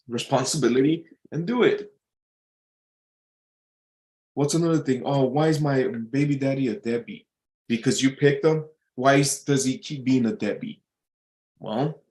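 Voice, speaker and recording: A man's voice: medium pitch, darkish tone, roomy sound. A man giving casual motivational advice, blunt and profane, often repeating himself and restarting his sentences. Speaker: vlogger giving life advice.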